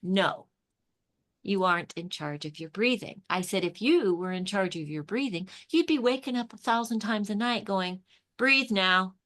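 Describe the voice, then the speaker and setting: Medium-pitched with lively intonation at normal speed, this middle-aged author and intuition coach tells stories eagerly in a relaxed spiritual interview. She performs the quoted conversations and frequently repeats or restarts words.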